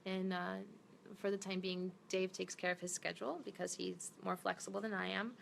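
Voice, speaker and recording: A chatty woman in her thirties answers fan comments in a relaxed live stream. Her voice is bright and a bit tense, with a gravelly fry, and she drifts between English and Portuguese as she talks. There is faint noise behind her. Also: medium pitch, moderate pace. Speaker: actress.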